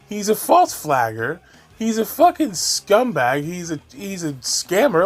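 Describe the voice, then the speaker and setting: A man's voice: high-pitched, very animated, a little slow, faint music behind. A man hosting a reaction commentary, ranting in a profane, exasperated, mocking way. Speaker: commentary host.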